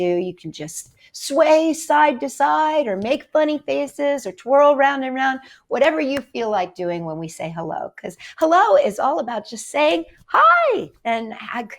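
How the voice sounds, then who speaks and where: A woman hosting a children's story time, reading picture books and poems in a sing-song, encouraging way and talking straight to the kids. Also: a little high.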